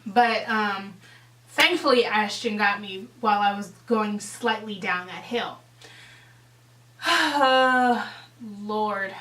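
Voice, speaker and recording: A young woman vlogger telling a story in a casual, animated way, swearing freely and acting out the scene. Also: mid-range voice, slow, echoey room, distant mic, rough recording. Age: young adult.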